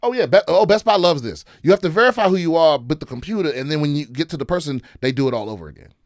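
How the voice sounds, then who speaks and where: A man's voice: a little high, animated, fast, no room sound, studio quality. A man hosting a podcast in casual chat, ranting animatedly with plenty of swearing. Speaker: podcast host.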